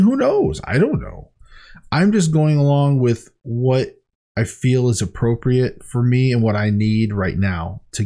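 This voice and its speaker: A man's voice: medium pitch, dark tone. A man talking candidly to camera in a diet vlog, rambling and heartfelt with frequent restarts. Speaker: weight-loss diary vlogger.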